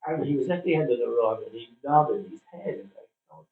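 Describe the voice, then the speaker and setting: A man's voice: mid-range voice, animated. Older Irish man telling old stories. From Ireland. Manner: chatty storyteller with frequent "uh" pauses. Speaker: interviewee, former cricketer. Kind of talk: casual reminiscing interview. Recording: distant, phone-like, roomy sound.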